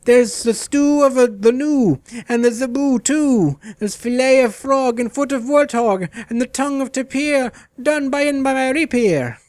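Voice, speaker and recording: A man voicing an overeager, groveling male meat merchant in a fantasy game, gushing with flattery and alliteration. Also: very high voice, unhurried, hardly any pauses, dry recording, voice pushed up. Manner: fawning, gushing alliteration, squealing delight.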